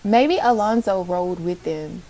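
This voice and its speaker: A woman, excitedly narrating her life-sim game story in casual commentary and talking straight to her viewers. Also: lowish voice, unhurried, heavy background noise. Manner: chatty, excitable, addresses viewers as y'all. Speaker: Sims gameplay narrator.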